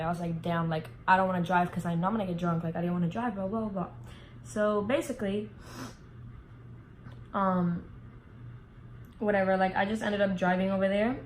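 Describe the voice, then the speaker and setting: A young woman vlogger tells a casual storytime in a medium-pitched voice, on a rough recording with a slight hiss or hum. She's animated, uses lots of filler words, and swears freely.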